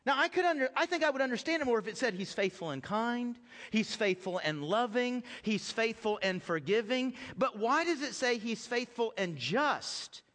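A middle-aged male pastor with a high-set voice preaches to his congregation, rising to loud emphatic lines and dropping to near-hushed ones. He repeats his phrases for weight and keeps asking the room questions, and his voice rings out with the long reverb of a big church hall. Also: animated, moderate pace. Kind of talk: sermon. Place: church sanctuary.

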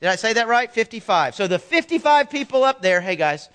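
A male pastor giving an animated, conversational sermon to a large church crowd, often acting out the people he quotes. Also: high voice, brisk, clean tone. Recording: long hall reverb.

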